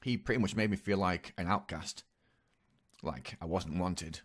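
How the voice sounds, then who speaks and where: A young man speaking in a hesitant, halting way, with many pauses and restarts, in a personal confessional monologue. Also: low voice. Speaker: vlogger.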